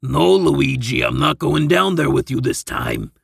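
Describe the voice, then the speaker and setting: A man voicing a stubborn plumber on his lunch break, in a slow, lowered voice. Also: lively intonation, vocal fry, husky, dry recording, clean studio sound, full character voice.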